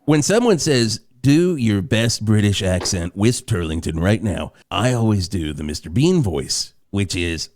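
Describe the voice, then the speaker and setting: A man co-hosting a comedy morning radio show, playful and quick to riff and mock. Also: lowish voice, very animated, a little mellow. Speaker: radio co-host.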